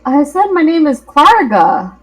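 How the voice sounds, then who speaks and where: A woman playing in a tabletop game, playful and quick to laugh. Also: high-pitched, very animated, soft background music, poor audio. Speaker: player.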